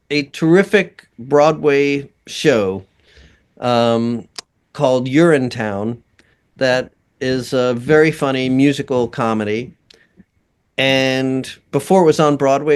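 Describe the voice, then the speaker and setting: Male guest for a casual interview, unhurried and rambling, with a smooth, clear tone. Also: medium pitch. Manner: slow, rambling, laughs often. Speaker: guest composer and voice actor.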